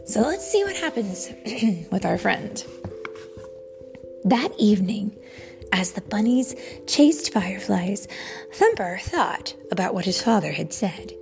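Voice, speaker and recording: A woman, a mother hosting storytime, reading a picture book aloud to children, gently and often in a whisper. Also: medium pitch, very animated, unhurried, creaky. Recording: soft background music.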